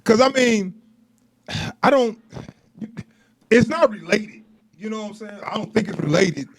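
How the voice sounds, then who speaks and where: A man's voice: sits high, expressive, unhurried, a little hiss or hum. A young man co-hosting a podcast in casual chat, laughing often and rambling in loose slang. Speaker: podcast co-host.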